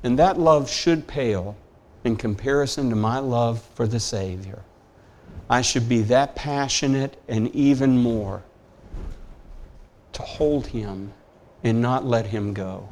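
A middle-aged man preaching a sermon, rising to emphatic scripture quotes and dropping quiet on personal stories. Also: mid-range voice, takes it slowly. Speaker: pastor.

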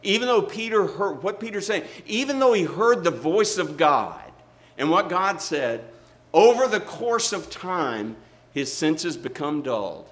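A man's voice: high-pitched, very animated, unhurried, a bit bright. A middle-aged male pastor, preaching a sermon with emphatic rises and asides to the congregation.

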